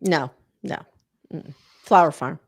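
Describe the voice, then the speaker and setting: A woman guest on a casual recap chat, expressive and agreeable, often chiming in. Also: low-pitched, slow pace.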